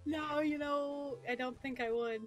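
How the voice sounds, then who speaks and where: A woman's voice: sits high, steady tone, unhurried. A woman co-hosting a game stream, chatting casually with dry, teasing remarks and frequent laughter. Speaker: co-host. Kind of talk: casual chat over gameplay.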